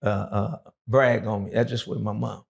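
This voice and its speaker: A man's voice: lowish voice, steady tone, normal speed. A middle-aged man, an interview guest and former prisoner, telling his story in a loose, rambling way full of fillers. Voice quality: gravelly.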